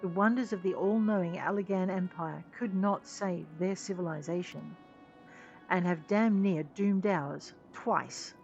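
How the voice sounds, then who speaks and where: A woman reading as a stern male engineer chief who lectures his crew firmly and deliberately. The sound is dull and lo-fi, with faint music behind. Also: lowish voice, steady tone, creaky, a little mellow.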